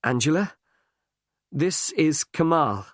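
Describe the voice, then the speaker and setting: A man's voice: on the high side, sing-song, slow pace, no echo, clean studio sound, voice pushed up, heavily acted. A man reading as an earnest young hero. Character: young man, anxious hero engaged to be married.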